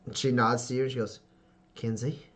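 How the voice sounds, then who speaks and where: A man's voice: medium pitch, flat delivery, fast talker, a bit bright. A man narrating a tabletop game as game master, in a casual, filler-heavy storytelling way.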